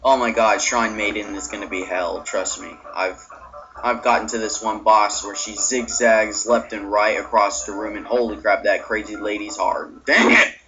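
A young man giving frustrated, excitable commentary over a game he is playing, often yelling. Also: on the low side, normal speed. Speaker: gameplay video maker. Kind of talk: frustrated let's-play commentary. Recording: dull lo-fi mic with game music.

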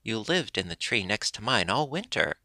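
A man's voice: on the low side, big pitch swings, moderate pace, pushed and bright, dry recording, heavily acted. Saucy, tender young squirrel wife in a dry, close read; male narrator voicing her. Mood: eager. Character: young female squirrel Bushytail, saucy, kind-hearted.

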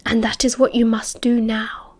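A woman voicing a sly, disdainful young male werewolf who plots in hushed, urgent whispers. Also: fairly high pitch, little pitch movement, moderate pace, lightly acted. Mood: conspiratorial.

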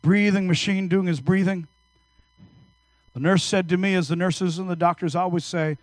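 A man in his fifties preaching a sermon in church, telling stories energetically and swinging between hushed and loud. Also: high voice, fairly even intonation, moderate pace, dry recording. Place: church service.

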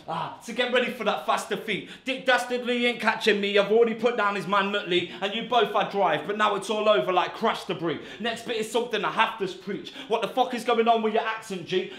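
A man rapping brash, insulting battle verses laced with swearing. His voice is pitched high. The sound carries a roomy echo from the venue. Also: a bit bright. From England. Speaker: battle rapper.

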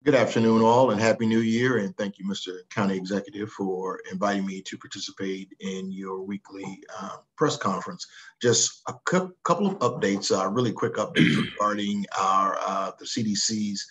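A man giving a public health update over a video call, halting with many uhs and ums. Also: on the low side, steady tone, a bit bright, muffled recording. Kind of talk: official briefing update.

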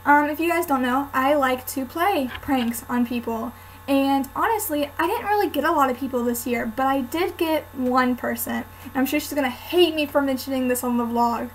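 A woman's voice: sits high, normal speed, slight background noise, rough recording. A young woman vlogger chatting casually to camera, telling a story with lots of "um" and "like". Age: student.

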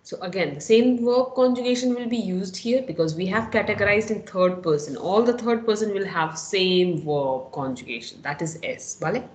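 A woman's voice: medium pitch, moderate pace, few pauses, echoey room, rough recording. A woman teaches a Spanish lesson, explaining step by step and often checking in with "no?" and "okay?". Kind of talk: online lecture.

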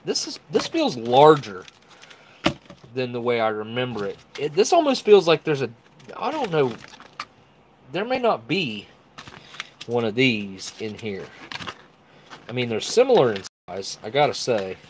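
A man's voice: mid-range voice, big pitch swings, a little slow, pauses often, a little hiss or hum. Chatty man hosting a live food stream. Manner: enthusiastic, chatty, reads viewer comments aloud. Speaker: host of a live ration review stream. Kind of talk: casual live-stream chat.

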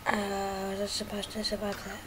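A woman giving jokey, excitable commentary as she plays a video game, often breaking into exclamations. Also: mid-range voice, normal speed, heavy background noise. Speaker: gaming YouTuber. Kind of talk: gameplay commentary.

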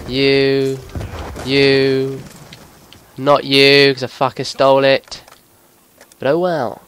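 A young man, giving excitable gameplay commentary as a video host, swearing and shouting at opponents. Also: medium pitch, slow pace, pauses often, slight background noise.

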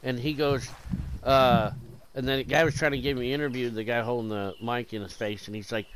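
Rambling, profane, bright-voiced comedian. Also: male voice, mid-range voice, fairly even intonation, brisk, clean tone, low-quality recording. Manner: rambling, profane, mock-conspiratorial.

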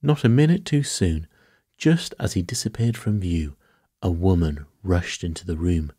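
A man reading a bedtime story as narrator, in a soft, even delivery. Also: low-pitched, normal speed, husky, dry recording, studio quality.

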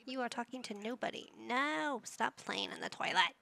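A woman's voice: fairly high pitch, expressive, normal speed, gravelly, sharp tone. A woman giving casual commentary while playing a life-simulation game, chatting to the characters and reading options aloud. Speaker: gaming YouTuber.

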